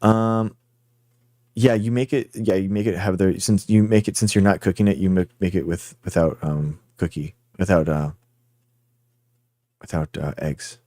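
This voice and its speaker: A man hosts a livestream with a low, mellow voice, chatting loosely and rambling as he answers his viewers directly. The sound is dry and close, with no room echo. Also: fairly even intonation, normal speed. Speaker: livestream host. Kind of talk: casual livestream chat with viewers.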